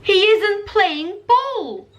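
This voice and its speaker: A woman voicing a cheerful little boy who loves his pet parrot, with a high childlike lilt. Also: animated, drawn-out words, heavily acted. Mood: angry.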